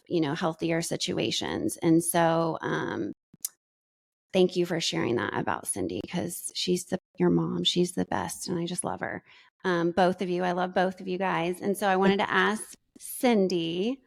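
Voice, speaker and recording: A woman's voice: fairly low pitch, vocal fry, dry recording, studio quality. A woman co-hosting a podcast in casual chat, effusive and full of praise. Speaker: podcast co-host.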